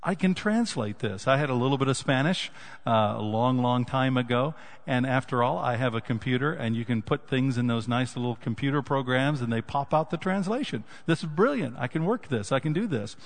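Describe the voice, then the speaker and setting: A man's voice: mid-range voice, animated, fairly quick. A man preaching as a guest speaker, telling rambling jokes with many restarts before a prayer and a Bible reading. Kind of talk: sermon. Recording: long reverb of a large hall.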